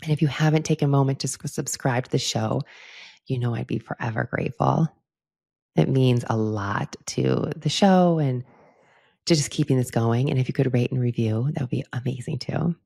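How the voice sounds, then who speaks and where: A woman's voice: rumbling low, moderate pace, creaky, dark tone, slightly rough. A middle-aged woman hosting a solo podcast, talking candidly and chattily to her listeners and laughing often. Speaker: podcast host. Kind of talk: casual solo podcast chat.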